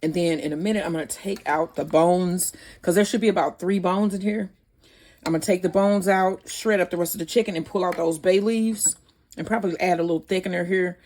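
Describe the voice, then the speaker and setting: A woman's voice: lowish voice, steady tone, brisk, a little mellow. A woman hosting a casual cooking vlog in her home kitchen, chatty and correcting herself as she goes. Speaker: cooking channel host.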